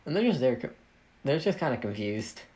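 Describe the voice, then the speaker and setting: A man reads his own fan story in a casual, rambling way, often cutting himself off and joking between scenes. His voice sounds a little tired, and his pitch jumps around a lot as he talks. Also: big pitch swings, brisk, a little mellow. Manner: rambling, self-interrupting, jokey. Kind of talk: casual story reading with asides. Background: video game playing.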